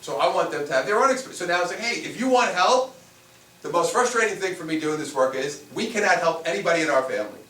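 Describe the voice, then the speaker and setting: A man, a spiritual teacher, giving a lively workshop talk and asking the audience questions. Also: a little high, rapid-fire, hardly any pauses. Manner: animated, playful, asks the audience questions. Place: room with a small audience. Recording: roomy, mic at a distance, faint noise.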